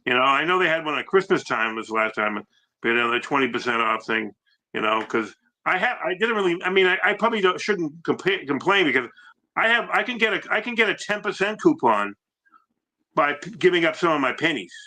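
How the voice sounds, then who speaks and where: A man's voice: fairly high pitch, big pitch swings, brisk, sharp tone. A man with a Boston accent chatting casually on a collectors' panel, trailing off and restarting his sentences. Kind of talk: casual chat.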